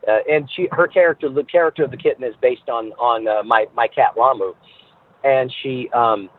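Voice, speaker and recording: A man's voice: medium pitch, normal speed. Storytelling man on a tinny phone line. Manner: animated storyteller who acts out voices. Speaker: guest entertainer. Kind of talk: podcast interview, storytelling.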